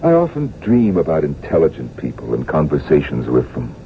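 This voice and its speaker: An actor playing a timid, melancholy town doctor in a radio drama, soft-spoken and apologetic. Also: male voice, very deep voice, wildly swooping pitch, a little fast, exaggerated voice. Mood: weary. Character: weary, timid, gentle male town doctor. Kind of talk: 1970s radio drama acting. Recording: tinny old radio broadcast, faint hiss.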